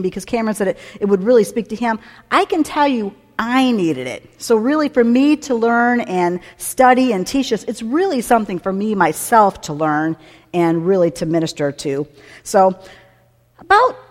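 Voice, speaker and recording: A woman teaching a church message in a candid, chatty way, with many fillers and asides. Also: medium pitch. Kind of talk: sermon. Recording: long reverb of a hall.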